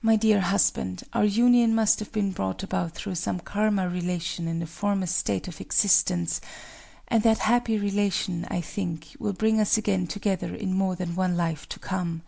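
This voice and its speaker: A woman's voice: mid-range voice, steady tone, moderate pace, gravelly, mellow. A woman voicing a dying young female willow spirit, speaking feebly and pleadingly in a storybook reading.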